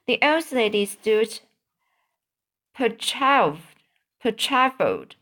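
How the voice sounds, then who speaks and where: A woman reading a novel aloud, halting often, repeating words and correcting herself. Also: on the high side, big pitch swings, a bit bright. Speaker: audiobook reader.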